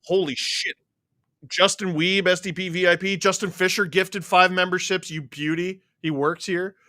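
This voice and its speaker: Man, live stream host, fast excitable name roll-call, bright tense voice, dry sound. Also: sits high, no echo. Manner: excitable, swears freely, rattles off names quickly. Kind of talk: live watchalong stream chat, reading out viewer names.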